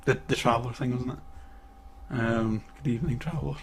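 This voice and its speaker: A man's voice: mid-range voice, fairly even intonation, brisk, creaky, husky. A man in casual chat as a podcast co-host, laughing often and acting out voices in his stories. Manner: laughing, acts out quoted voices.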